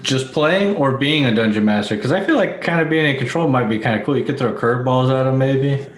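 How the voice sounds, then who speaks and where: A man's voice: mid-range voice, expressive, brisk. A man hosting a podcast chat, eagerly asking the guests questions. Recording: roomy with audible background noise.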